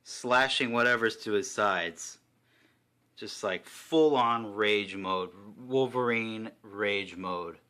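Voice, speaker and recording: Hyped-up dude reviewing a toy figure, bright punchy voice, swears casually. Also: male voice, lowish voice, takes it slowly, smooth. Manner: excited, enthusiastic, swears casually.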